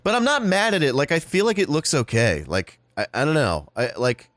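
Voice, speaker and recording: A man's voice: fairly high pitch, very animated, a little fast, fairly bright tone, dry recording. A man co-hosting a casual podcast chat, hesitant and swearing freely. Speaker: podcast co-host.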